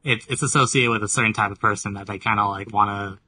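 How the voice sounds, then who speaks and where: A man's voice: lowish voice, fairly even intonation, quick pace, pushed and bright, slightly rough, no echo. A man from California chatting on a podcast, hedging his points with lots of fillers. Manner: thoughtful, hedging, lots of "like" and "you know". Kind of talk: casual chat.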